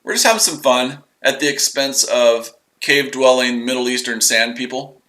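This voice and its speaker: A man's voice: mid-range voice, normal speed, bright, forceful tone, roomy sound, slight background noise, low-quality recording. A man hosting a casual live trading stream, rambling and repeating himself as he explains his trades. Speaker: trading livestream host.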